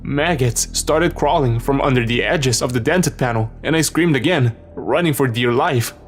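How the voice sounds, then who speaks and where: A man's voice: mid-range voice, normal speed. A man narrating a horror story in a tense, dramatic scripted reading. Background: background music.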